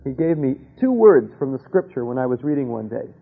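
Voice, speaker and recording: A man preaching a sermon, telling a personal story with rhetorical questions and dropping to a hush for quoted voices. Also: medium pitch, big pitch swings, a little fast, slightly rough, narrow, tinny audio.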